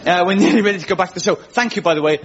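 A man doing stand-up on air, his voice pitched high as he chuckles through self-mocking asides. The sound is dull and lo-fi, with a crowd of listeners and steady noise behind him. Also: racing. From Wales. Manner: chatty, self-mocking, laughs at his own jokes. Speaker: comedy radio host. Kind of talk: stand-up comedy before a studio audience. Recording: lo-fi radio recording with studio audience.

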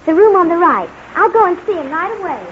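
A flighty, scatterbrained young woman who talks in a very high, fluttery voice. She is flustered and says oh dear often. It is a muffled 1940s radio recording with faint hiss. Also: very animated, quick pace. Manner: fluttery and flustered, full of oh dears. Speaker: radio drama character.

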